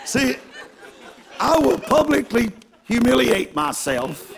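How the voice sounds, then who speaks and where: A man preaching a sermon through a self-mocking story, animated and given to bursts of shouting. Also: very high-pitched, vocal fry.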